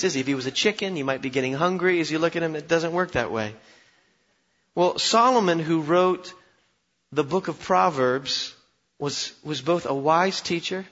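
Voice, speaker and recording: A man's voice: a little high, a bit bright, long reverb tail, muffled recording. A male pastor preaching a conversational, humorous sermon in a church, asking his listeners questions and often repeating words as he restarts.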